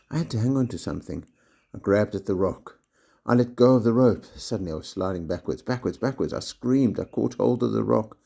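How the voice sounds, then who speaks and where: A man, a primary school teacher, reading a children's storybook aloud in steady first-person narration. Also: on the low side, creaky.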